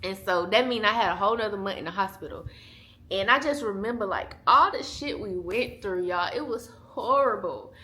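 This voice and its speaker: A woman in her twenties, a mother, vlogs to a small handheld camera in casual chat, speaking at medium pitch and a moderate pace with a bright, forceful tone. She's candid and chatty, laughs often, and addresses her viewers directly.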